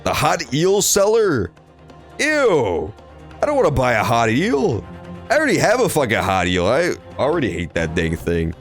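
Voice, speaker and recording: A young man streams a courtroom game as casual let's-play commentary, joking crudely and rambling as he plays. His mid-range voice is very animated and brisk. The room is dry, with faint game music in the background.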